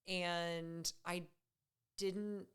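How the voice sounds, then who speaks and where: A woman's voice: on the low side, flat delivery, drawn-out words, smooth. A woman in her thirties, a guest on a podcast, talking in an upbeat, chatty way and laughing often. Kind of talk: casual interview chat.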